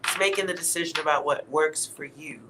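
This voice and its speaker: A man's voice: fairly high pitch, brisk, noisy background. A man giving a casual, blunt tarot reading to his viewers, laughing at himself and swearing now and then. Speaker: tarot reader.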